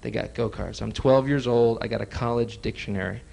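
A young comedian from Texas works the room in a sardonic, drawling way and laughs at his own lines. His voice sits mid-pitch with a gravelly, creaky edge. It comes across as a noisy 1980s club tape with a steady hiss. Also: fairly quick. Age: 20s. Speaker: stand-up comedian. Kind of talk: stand-up comedy.

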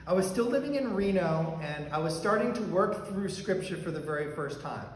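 A man's voice: on the high side, animated, normal speed. Man preaching in a very echoey church. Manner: personal storytelling, conversational with fillers and restarts. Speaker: pastor. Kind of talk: sermon. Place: church sanctuary. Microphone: handheld or stand mic that fell during talk. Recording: very echoey church hall, faint background noise.

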